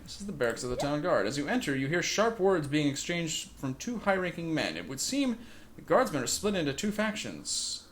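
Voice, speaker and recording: A man's voice: a little high, big pitch swings, brisk, a crowd in the background. Wry man reading a game aloud. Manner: wry, musing. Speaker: let's play host. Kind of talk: reading game text and commenting.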